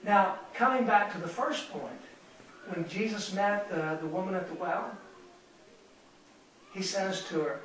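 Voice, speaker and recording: A man with a high, slightly bright voice teaches a Bible study in sermon form, speaking at a measured pace with long pauses. He is earnest and repeats words for emphasis. The echoey room is recorded from far off, with faint noise.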